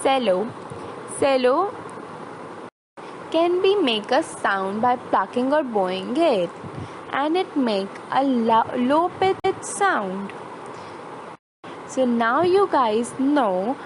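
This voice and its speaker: A woman teacher narrating a lesson slowly and carefully for young children. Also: high-pitched, noisy background. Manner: slow, careful, deliberate phrasing. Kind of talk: slow classroom narration.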